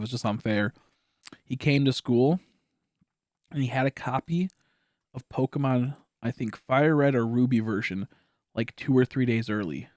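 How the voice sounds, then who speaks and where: A streamer chatting casually over a game, animated, laughing often and swearing freely. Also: medium pitch, no echo, studio quality. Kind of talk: casual gameplay stream chat.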